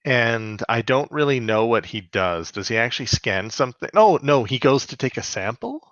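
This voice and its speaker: A man's voice: mid-range voice, very animated, normal speed, fairly bright tone, dry recording. A man co-hosting a podcast, joking and laughing through a casual episode recap. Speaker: podcast co-host. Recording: dull lo-fi mic.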